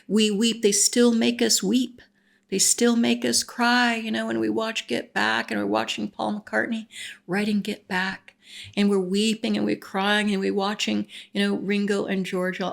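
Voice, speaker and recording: A woman with a gravelly, creaky edge to her mid-pitched voice talks on her own in a casual monologue. She gushes with emotion, rambling and restarting her sentences as she goes. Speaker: vlogger.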